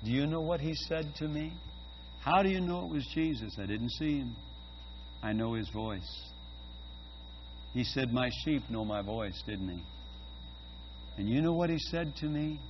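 An older man preaching a sermon, telling a personal story and building to loud, fervent exclamations. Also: medium pitch, a little slow, pauses often. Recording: dull lo-fi audio with faint hum.

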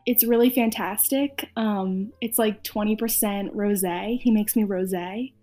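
A woman's voice: medium pitch, unhurried, mellow, faint music behind. A young woman contestant chatting casually on a dating stream, filling her talk with "like" and "um". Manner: chatty, giggly, lots of "like" and "um". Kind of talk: casual chat.

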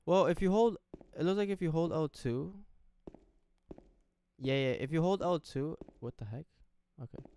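A young man commenting casually as he plays through a horror game, reacting out loud, swearing and talking to the screen. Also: on the high side, moderate pace, a little hiss or hum. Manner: jumpy, swearing, talks to the game. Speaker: gaming streamer. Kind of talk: let's play commentary.

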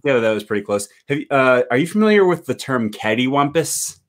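A man hosting a casual chat, relaxed and curious, with many fillers. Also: mid-range voice, fairly quick. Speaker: host. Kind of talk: casual video call chat.

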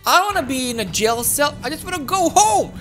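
A woman commentating her own gameplay, excitable and giggly, often talking to viewers. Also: sits high, brisk, faint music behind. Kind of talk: playful game commentary.

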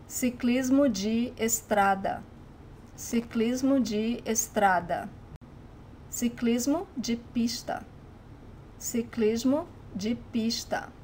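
Woman with a Brazilian accent, slow and careful. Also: fairly high pitch, a little mellow, slight background noise. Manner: slow, careful pronunciation drills, repeating each word. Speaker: language teacher. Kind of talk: language lesson.

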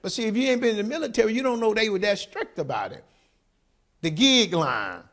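High, gravelly, animated preacher. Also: male voice, fairly quick. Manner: impassioned preaching with call-and-response. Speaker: pastor. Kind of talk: sermon.

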